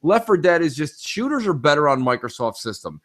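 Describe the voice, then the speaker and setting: Man, slightly high voice, opinionated, emphatic, casual gaming chat. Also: very animated, fairly quick. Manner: opinionated, emphatic, repeats "it is what it is". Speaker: podcast co-host.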